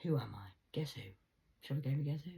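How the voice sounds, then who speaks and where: A woman with a low voice talks straight to her viewers in a rambling vlog. She swears freely and keeps throwing out rhetorical questions. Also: expressive, fast talker, creaky, dark tone. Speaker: vlogger.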